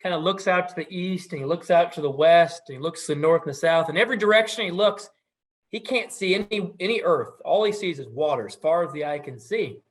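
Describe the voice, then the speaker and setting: A middle-aged man telling a traditional story in a relaxed, conversational way, with asides and fillers. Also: on the high side, a little fast. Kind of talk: casual oral storytelling.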